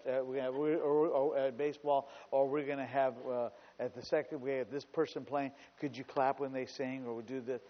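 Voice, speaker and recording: A pastor preaching a sermon, telling humorous stories and building up to shouts. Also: male voice, on the high side, big-room sound, muffled recording. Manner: storytelling with humor, rising to shouts.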